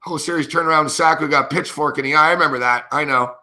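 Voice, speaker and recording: A sports betting show host, brash and middle-aged, fires off a sports story to his live chat at a fast pace. His bright, cutting voice runs a little high for a man, and he riffs in loose bursts, cursing freely and laughing between lines.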